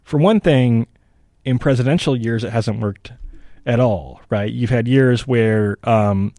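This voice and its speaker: A man's voice: mid-range voice, unhurried, dark tone, dry recording, studio quality. A man analysing election forecasts in a casual podcast chat, thinking aloud and hedging with frequent "you know" and "right?".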